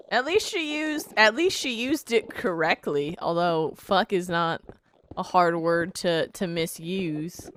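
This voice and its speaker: Casting: woman game streamer, lowish voice, stuffy nose, slow laid-back chatter. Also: animated, a little hiss or hum. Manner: laid-back, drawling, frequently says "bruh". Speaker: live streamer. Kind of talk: casual chat while gaming.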